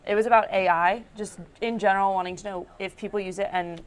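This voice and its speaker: A woman's voice: medium pitch, steady tone, fast talker, slight background noise. Woman, New York accent, news reporter, casual chatty talk. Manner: chatty, laughs while telling stories. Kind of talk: casual on-air chat.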